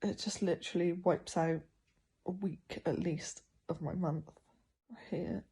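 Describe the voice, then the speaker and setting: A young woman with a sore throat talking candidly into her video diary, halting and often hushed. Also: fairly low pitch, fairly even intonation, breathy edge. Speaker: vlogger.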